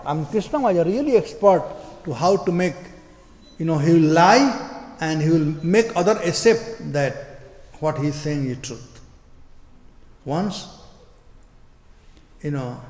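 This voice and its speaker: A man from India, telling devotional stories in an animated way in a temple hall. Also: a little high. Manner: animated storytelling, acting out quotes, simple phrasing. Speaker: devotional storyteller. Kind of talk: devotional story sermon. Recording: echoey temple hall, long reverb.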